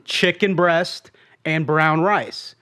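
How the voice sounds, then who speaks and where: A man from Long Beach spins a rambling story in easygoing podcast talk, often restarting his sentences and slipping into other people's lines. His voice sits noticeably high for a man. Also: steady tone, takes it slowly, pushed and bright, clean tone. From Long Beach, California. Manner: rambling, restarts, acts out quotes. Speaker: guest and road companion.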